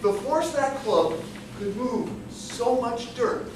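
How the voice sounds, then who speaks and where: A man giving a humorous competition speech, telling a story with animated comic timing, recorded from a distance in a large hall with the audience laughing. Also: extremely high pitch, slow pace. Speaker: contest speaker. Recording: echoey hall from far off, with room noise.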